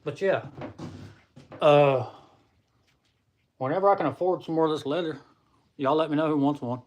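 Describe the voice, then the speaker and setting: Speaking at a moderate pace in a slightly high voice, this young Southern American man hosts a laid-back stream chat and folksily calls his viewers y'all. The recording from his computer or phone mic sounds muffled.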